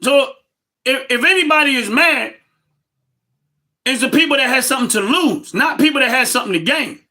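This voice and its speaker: A man talks loudly and emphatically on his own livestream, hammering the same points over and over. His voice sits very high for a man, bright and forceful. He argues politics with an insistent, repetitive drive. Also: expressive, normal speed. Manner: loud, emphatic and repetitive, laughs between points. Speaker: livestream host.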